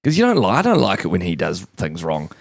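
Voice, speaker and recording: A man's voice: sits low, wildly swooping pitch, fast talker, gravelly, dry recording, clean studio sound. A man co-hosting a podcast in casual, jokey banter and acting out imagined scenes in his stories. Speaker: podcast co-host.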